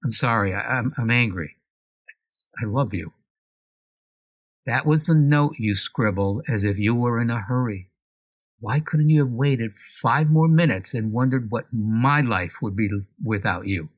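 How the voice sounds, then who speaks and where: A man reading a personal letter aloud, slowly and with sorrow, as a podcast co-host. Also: medium pitch, dry recording, muffled recording.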